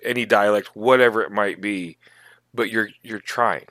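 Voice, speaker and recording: A man co-hosting a podcast, chatting casually about tabletop gaming in animated, emphatic bursts. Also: on the low side, normal speed, no echo. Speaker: podcast co-host.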